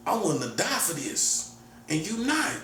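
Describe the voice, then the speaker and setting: Man, forties, confrontational monologue, repetitive, slightly high voice, echoey room. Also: sing-song, moderate pace, a bit bright, a little hiss or hum. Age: 40s. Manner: repetitive, combative, keeps calling the listener "buddy". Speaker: self-styled prophet giving a monologue. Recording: roomy echo, faint background ambience.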